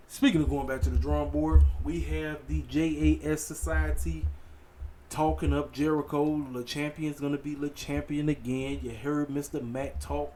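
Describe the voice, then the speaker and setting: A man giving a casual, animated solo review of a wrestling show, talking straight to his viewers. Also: on the high side, normal speed, a little hiss or hum. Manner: animated, conversational, addresses viewers as ladies and gentlemen.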